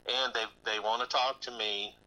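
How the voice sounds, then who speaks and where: A man's voice: medium pitch, fairly even intonation, normal speed, bright, forceful tone, rough recording. A male musician guest chatting in a radio interview, easygoing, laughing often and repeating words as he talks. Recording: radio broadcast sound.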